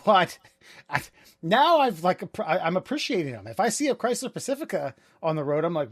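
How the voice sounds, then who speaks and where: A man's voice: sits high, big pitch swings, fairly quick, husky, no echo, studio quality. A middle-aged man co-hosting a casual podcast, rambling and laughing often as he talks. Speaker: podcast co-host.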